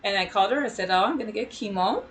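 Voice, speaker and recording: A woman's voice: medium pitch, lively intonation, rapid-fire, rough recording. A woman co-hosting a casual chat, telling her own story with feeling and animation. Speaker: podcast co-host.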